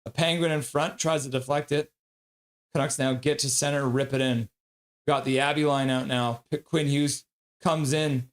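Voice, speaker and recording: A man streaming live play-by-play of a hockey game, calling the action quickly and reading viewer comments between plays. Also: medium pitch. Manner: rapid play-by-play, bursts into loud excited voices when reading chat.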